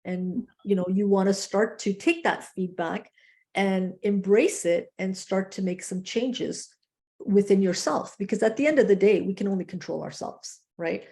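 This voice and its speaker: A woman hosting a webinar over a video call, giving calm, affirming coaching advice. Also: medium pitch, normal speed. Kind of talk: motivational coaching talk.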